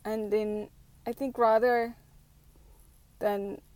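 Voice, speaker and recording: A fairly high-voiced woman vlogger muses out loud in an unhurried, reflective monologue. She talks slowly, full of "like" and "you know," and often restarts her sentences. The sound is dry and close, with no room echo. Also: little pitch movement. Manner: thoughtful, many fillers and restarts.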